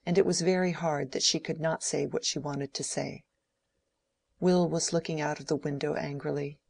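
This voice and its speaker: Low-voiced woman narrating a novel. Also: vocal fry, darkish tone, no echo. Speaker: audiobook reader. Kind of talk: scripted narration.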